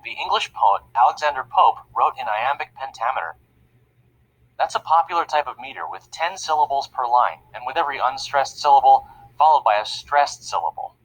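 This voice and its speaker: A man's voice: medium pitch, a bit bright, slight background noise, natural voice, rough recording. A man voicing a friendly young male narrator of an educational cartoon, upbeat and chatty as he explains things plainly.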